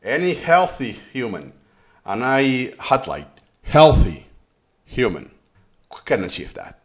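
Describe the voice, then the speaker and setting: A man's voice: mid-range voice, big pitch swings, measured pace, fairly bright tone. A man who speaks English as a third language, explaining a study method in a reaction-style lesson with frequent restarts. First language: not English. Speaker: course host.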